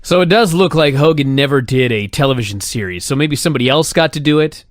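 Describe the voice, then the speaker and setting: Exasperated podcast co-host, animated man. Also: medium pitch, fast, no echo. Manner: incredulous, exclaiming, lots of rhetorical questions. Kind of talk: casual chat.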